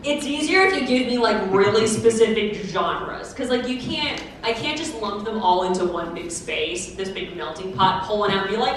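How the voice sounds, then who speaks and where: A woman's voice: mid-range voice, expressive, normal speed, few pauses. A young woman answering audience questions at a convention panel, chatty and laughing, with many fillers and restarts. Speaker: cosplayer taking audience questions. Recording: echoey hall, distant mic, noisy.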